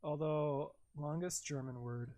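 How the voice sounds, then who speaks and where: A man's voice: on the high side, fairly even intonation, measured pace, dark tone, dry recording. A young man hosting a live stream, chatting casually and rambling in a giggly, self-deprecating way while he works.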